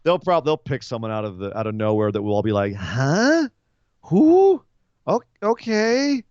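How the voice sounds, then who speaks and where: A man hosting a casual wrestling podcast, recapping events chattily with quick asides. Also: lowish voice, a little mellow, clear, resonant tone, dry recording, dull audio. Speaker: podcast host.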